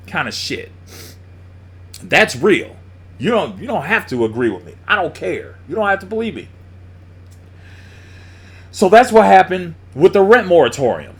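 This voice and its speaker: A man's voice: on the high side, sing-song, unhurried, breathy edge. A man giving a blunt, profane monologue on prices and bills, mocking people as he goes. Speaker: commentator. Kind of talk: opinionated monologue.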